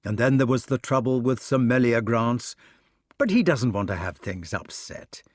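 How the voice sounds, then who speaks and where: A man's voice: medium pitch, expressive, moderate pace, no echo, clean studio sound, close to an everyday voice. Man voicing an earnest lovesick knight. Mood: defensive. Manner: earnest, pleading.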